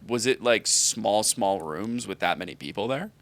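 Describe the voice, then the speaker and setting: Lively curious male co-host. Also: on the low side, moderate pace. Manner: curious, chatty questions. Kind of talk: casual chat.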